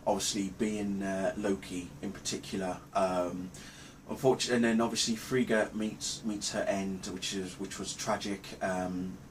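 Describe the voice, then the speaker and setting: A man recapping a film's plot in a casual review, rambling and halting with many ums and restarts. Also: low voice, a little hiss or hum. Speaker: movie reviewer. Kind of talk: casual spoken film review.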